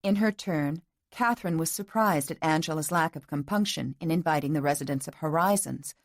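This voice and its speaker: A woman narrating a romance audiobook in a measured, even storytelling manner on a close mic. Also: sits low, no echo. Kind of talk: scripted narration.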